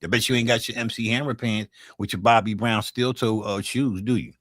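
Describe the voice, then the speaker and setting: On his beatmaking livestream, a man in his sixties from North Philadelphia talks briskly in a lowish, fairly bright voice with fairly even intonation. His casual Philly-accented street talk with viewers is profane and full of jokes and restarts. Clean studio sound, no room sound.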